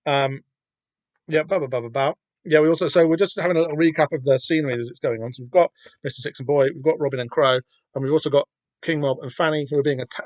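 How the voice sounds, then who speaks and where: A man's voice: mid-range voice, no echo, highs cut off. A man hosting a podcast, reading through a comic and rambling in loose, casual commentary. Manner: rambling, lots of fillers and restarts. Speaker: podcast host.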